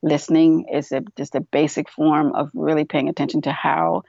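Woman co-host with a low, gravelly voice, chatty and filler-heavy, on a dry, slightly muffled recording. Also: flat delivery, normal speed, warm tone, dry recording. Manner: chatty, many fillers, acts out quoted voices. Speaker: podcast co-host. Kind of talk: casual discussion.

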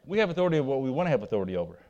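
A man preaching a sermon, swinging between loud emphatic declarations and quiet asides to the congregation. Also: mid-range voice, sing-song, rapid-fire, muffled recording. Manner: laughs at himself, talks to the congregation. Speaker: pastor.

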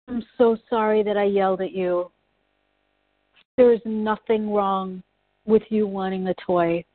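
Slow, tender man over a tinny line. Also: sits high, dry recording. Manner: slow, soft-spoken, tender. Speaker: coaching client. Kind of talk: coaching session, addressing inner child.

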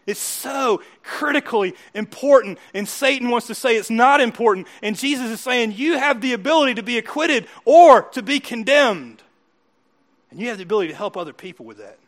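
A man preaching a sermon as pastor, asking his listeners questions again and again and swinging from loud, emphatic peaks to soft, quiet asides. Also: very high-pitched, expressive, a little fast.

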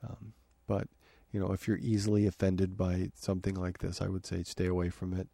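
Deep, gravelly man rambling on a podcast. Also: monotone, fairly quick, dark tone, no room sound. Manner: rambling, many fillers and restarts. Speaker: podcast host. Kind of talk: casual review talk. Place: home office.

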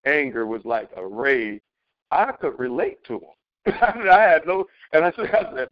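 A middle-aged man on a community call, telling a story as a testimony, animated, with many restarts. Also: a little high, normal speed, no echo, dull audio. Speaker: caller sharing a testimony. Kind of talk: casual spoken testimony.

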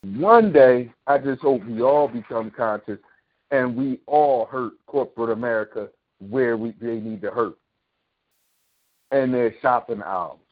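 Male talk host, mid-pitched, heated preachy rant with sarcastic questions; narrow, phone-like audio. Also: measured pace. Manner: impassioned, preachy ranting with profanity. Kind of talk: opinionated monologue. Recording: tinny phone-like sound.

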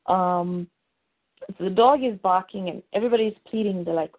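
A woman's voice: on the low side, measured pace. A woman hosting a podcast, casually recapping a TV episode in a rambling way with plenty of fillers, heard over a tinny, phone-like line. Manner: rambling, full of fillers and restarts.

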